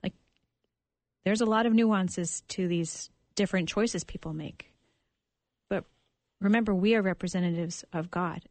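A woman speaks in an earnest, reflective way on a radio talk show, often pausing on fillers. Her voice sits a bit low and sounds close and dry in the studio. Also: a little mellow, no room sound. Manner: thoughtful, earnest, many fillers like "like". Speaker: guest on a Christian radio show. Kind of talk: reflective discussion.

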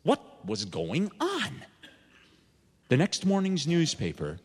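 Man, deadpan storyteller, animated pitch, echoey hall, faint music. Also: slow, pauses often. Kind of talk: dry humorous storytelling.

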